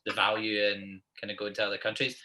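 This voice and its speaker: Guy hosting a podcast, bright sharp voice, keeps restarting sentences. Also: on the low side, monotone, fast. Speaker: podcast host. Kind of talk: casual chat.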